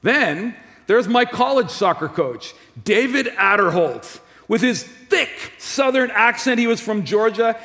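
High-voiced pastor in an echoing church. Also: male voice, expressive, measured pace, few pauses, sharp tone. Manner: friendly, conversational preaching with personal stories. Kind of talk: sermon. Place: church sanctuary. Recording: long reverb of a church hall.

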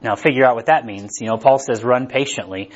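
A man's voice: mid-range voice, a little fast. Male preacher, casual and conversational, mid-range voice, slightly muffled lo-fi recording. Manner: conversational, asks "right?" often. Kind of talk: casual sermon.

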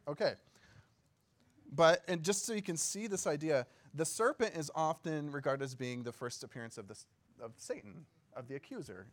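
A man giving a casual sermon as a pastor, talking conversationally, joking and often asking his listeners questions. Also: a little high. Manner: laughs easily and jokes.

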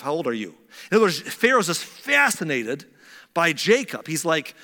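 A man's voice: a little high, animated, fairly quick. Man preaching in a reverberant hall. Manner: conversational, drops to quiet intensity on serious points. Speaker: pastor. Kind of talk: sermon.

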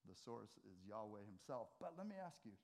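An American man preaching a sermon in a church as pastor, telling stories conversationally and swinging between loud and soft. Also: on the low side, sing-song, brisk.

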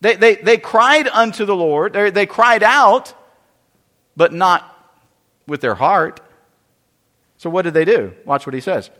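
A man's voice: high-pitched, expressive, unhurried, pauses often, pushed and bright. A man preaching a sermon, explaining scripture verse by verse and often repeating and restarting his phrases. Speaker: pastor. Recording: long reverb of a large hall.

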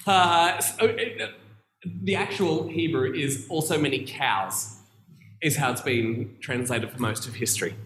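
A man preaching a sermon in a church, earnest and reflective, with long pauses and emphatic stresses. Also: a little high, animated, a bit bright, a little hiss or hum. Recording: roomy echoey room.

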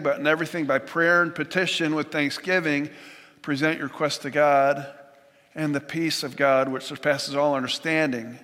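A man preaching a sermon in an earnest, measured way, quoting scripture and retelling stories. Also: on the high side, pushed and bright, long reverb tail. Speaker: pastor.

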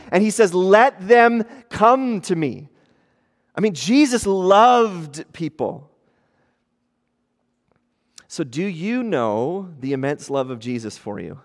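Man preaching in a reverberant hall. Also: sits high. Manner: conversational preaching, shifting from hushed to animated. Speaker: pastor. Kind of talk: sermon.

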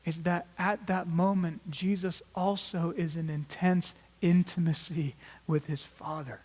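Man, pastor, teaching sermon, fairly high voice, earnest, emphatic, restarts phrases. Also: fairly even intonation, measured pace. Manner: earnest teaching with emphatic rises and quiet drops; restarts and repeats words.

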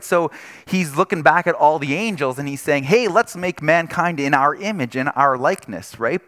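A man's voice: on the high side, a bit bright, big-room sound. A man preaching a sermon in a conversational, explanatory way, often checking in with his listeners with "right?". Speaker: pastor.

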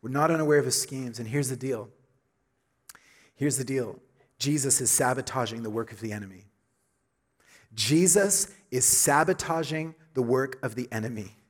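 A middle-aged man preaching a sermon with emphatic delivery, repeating key phrases and building to loud high peaks. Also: moderate pace, pauses often. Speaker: pastor.

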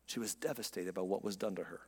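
A man's voice: low-pitched, quick pace, a little mellow, husky, in a large hall. A man preaching a sermon as pastor, talking to the congregation in a conversational, emphatic way and asking rhetorical questions.

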